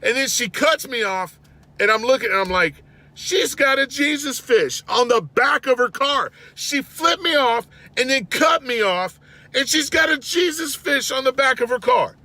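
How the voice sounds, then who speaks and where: A man's voice: very high voice, normal speed. A man hosting his show, telling an exasperated everyday story in a casual monologue. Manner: animated, exasperated storytelling with rising outbursts. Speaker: host.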